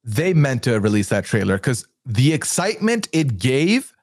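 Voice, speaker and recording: A man's voice: mid-range voice, moderate pace, breathy edge, no echo, clean studio sound. A man co-hosting a podcast, chatting casually and playfully about a reality show episode. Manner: animated, playful, excitable. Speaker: podcast co-host. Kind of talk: casual recap chat.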